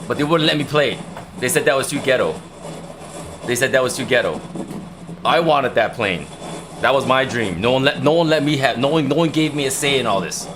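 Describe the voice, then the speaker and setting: Rambling, excitable man on a livestream. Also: mid-range voice, a little fast, background noise. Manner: excited, rambling, repeats himself. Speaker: livestream host. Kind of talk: casual chat.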